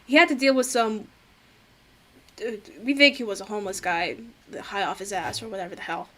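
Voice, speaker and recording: A woman voicing a gruff, crude, middle-aged male small-town cop who swears and grumbles. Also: medium pitch, animated, a little fast, fairly bright tone. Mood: explaining.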